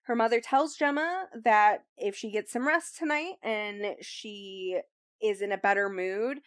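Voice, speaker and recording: A woman's voice: mid-range voice, measured pace, a bit bright, smooth, no room sound, clean studio sound. Chatty young woman recapping a book. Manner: chatty, filler-heavy recap with frequent ums and likes. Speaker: book club host summarizing the book. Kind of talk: casual chat.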